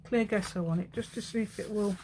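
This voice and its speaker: A woman's voice: mid-range voice, fairly even intonation, a little fast, mellow, slight background noise. A woman in her fifties chatting and rambling as she makes a craft piece at home, talking to herself and laughing often. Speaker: craft vlogger.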